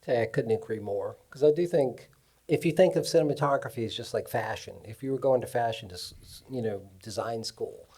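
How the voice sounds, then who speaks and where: A man on a cinematography panel, telling lively stories from his career at a live festival event. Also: medium pitch, a little fast, slightly rough. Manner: animated storyteller. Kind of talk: anecdotal panel talk.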